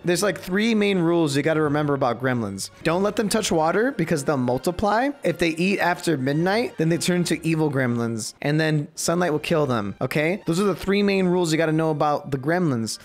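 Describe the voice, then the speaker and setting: A young man giving live gameplay commentary, excitable and prone to high squeals when something delights him. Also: brisk, few pauses, music in the background. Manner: excitable, swings into high squeals over cute moments. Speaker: streamer.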